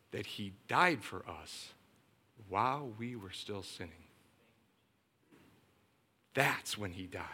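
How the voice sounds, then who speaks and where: A man's voice: mid-range voice, sharp tone. A middle-aged man preaching a sermon as a pastor, emphatic and storytelling.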